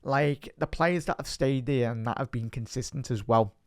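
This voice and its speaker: A man with a thick Scouse accent hosts a casual fan podcast in a mid-pitched voice. He rambles, restarts and repeats words, and speaks with plain passion. The sound is close and dry, with no room echo. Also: moderate pace. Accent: Liverpool Scouse.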